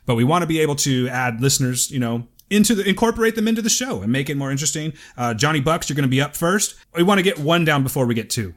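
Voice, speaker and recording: A man co-hosting a casual podcast chat, rambling and swearing freely, quick to laugh. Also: a little high, expressive. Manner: profane, laughs easily, rambling. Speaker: podcast co-host.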